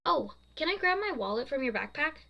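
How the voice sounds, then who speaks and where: A woman's voice: sits high, very animated, brisk, gravelly, highs cut off, voice pushed up, full character voice. A woman voicing a friendly, curious seventeen-year-old girl in a chatty, upbeat way.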